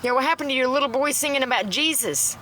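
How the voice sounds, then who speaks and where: A middle-aged woman rants into her phone with a high, bright, sharp voice. She talks bluntly and rambles, swearing freely. Faint background noise sits under the recording. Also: quick pace. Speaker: TikTok livestreamer. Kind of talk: ranting casual monologue.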